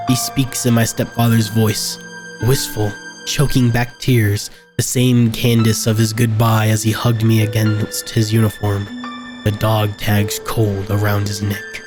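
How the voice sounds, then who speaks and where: A man reading a horror game aloud, with quiet reactions between passages, over game music. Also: lowish voice. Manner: slow, flat narration with quiet reactions. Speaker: gameplay video host.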